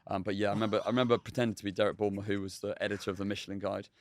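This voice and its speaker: Male chef guest, rapid anecdotal delivery with lots of ums, lower pitch. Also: flat delivery, no room sound, clean studio sound. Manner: quick, chatty, many fillers and restarts. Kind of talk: casual storytelling.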